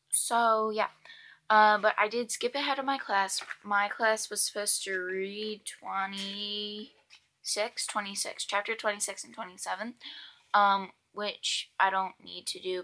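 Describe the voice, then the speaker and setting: A thirteen-year-old girl chatting casually about books she read, rambling with frequent ums and quick asides. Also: medium pitch, vocal fry, pushed and bright. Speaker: book vlogger. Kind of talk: casual book review vlog.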